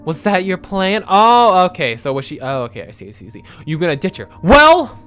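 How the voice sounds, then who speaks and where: Young male gamer, casual let's-play chatter, lively swinging pitch, cursing freely. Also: a little fast, smooth, soft background music. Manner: animated, rambling, swears a lot. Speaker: gaming video creator.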